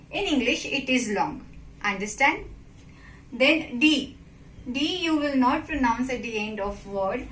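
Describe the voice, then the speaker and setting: A woman teaching a simple French lesson, slow and patient, often checking with the listener. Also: high-pitched, a bit bright. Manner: slow and patient, repeats and checks with "okay?" and "right?". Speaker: French teacher, channel host. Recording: echoey room with faint background noise.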